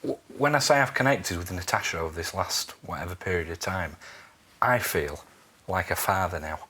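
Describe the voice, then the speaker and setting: Low-voiced hesitant father in counselling. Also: moderate pace, sharp tone, slightly rough. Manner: hesitant, stammering, defensive. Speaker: father in family therapy. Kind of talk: counselling session conversation.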